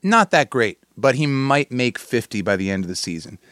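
A man's voice: medium pitch, big pitch swings, moderate pace, fairly bright tone, no echo, clean studio sound. A tired man hosting a casual sports podcast, rambling and joking at his own expense. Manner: jokey, meandering, self-deprecating. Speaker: podcast host.

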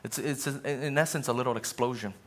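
A man's voice: medium pitch, a little fast, fairly bright tone. A male pastor preaching a sermon in an earnest, conversational way, with asides to the congregation.

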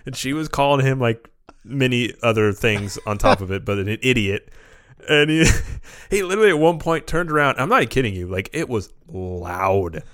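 A man co-hosting a podcast chats casually and tells stories with animation. His mid-range voice has lively intonation and a fairly bright tone at normal speed, with no room sound.

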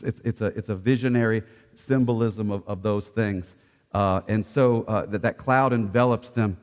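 A man preaching a sermon, swinging between loud, ringing declarations and hushed, soft passages. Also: on the low side, clear, resonant tone, long reverb tail. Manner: impassioned preaching, swelling loud then dropping soft. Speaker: pastor.

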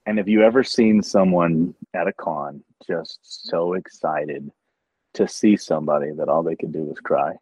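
A man with a very low, husky voice chats earnestly on a podcast and acts out little scenes as he tells his stories. The sound is dry and close, with a dull, lo-fi tone. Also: normal speed, darkish tone, no room sound. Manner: earnest storyteller who acts out conversations. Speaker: convention talent manager. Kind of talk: casual podcast chat.

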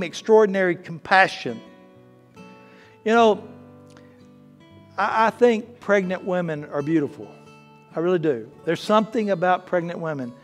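A male pastor with a high voice preaches a sermon. He swings between hushed, slow lines and loud, fervent passages. Soft guitar plays faintly behind him. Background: soft guitar playing.

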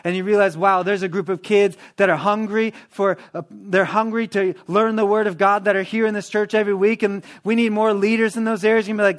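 A man preaching a sermon in a church, in a lively, conversational manner that acts out everyday prayers. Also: high voice, a little fast. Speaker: pastor.

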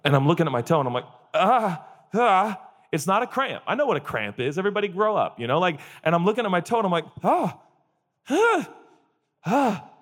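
A pastor in his forties races through a sermon in a large hall with lively intonation and barely any pauses. He blends comic storytelling with earnest questions, acting out groans and quotes in a high voice.

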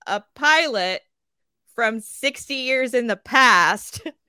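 A woman co-hosting a casual podcast. She rants in a lively way, swears freely and acts out quoted characters. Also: on the high side, takes it slowly, clean tone, dry recording, studio quality. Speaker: podcast co-host.

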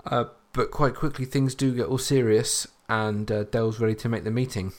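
A man co-hosting a podcast, chatting in a relaxed, appreciative way about a sitcom. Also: medium pitch, moderate pace, a little hiss or hum. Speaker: podcast co-host reviewing a sitcom. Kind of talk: casual chat.

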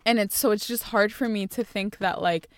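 A woman in her twenties co-hosting a casual podcast chat, animated, laughing often and acting out quotes. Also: medium pitch, normal speed, no room sound, clean studio sound. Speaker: podcast co-host.

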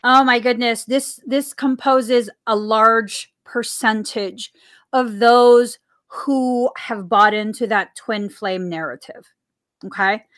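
A woman's voice: on the high side, steady tone, slow, fairly bright tone. A woman hosting a casual spiritual podcast, talking earnestly and repeating phrases for emphasis. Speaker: podcast host. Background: coffee sips between remarks.

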